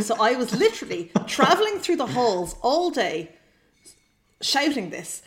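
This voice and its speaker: A woman chatting casually, an animated storyteller who laughs often. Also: a little high, a little slow. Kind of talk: casual chat.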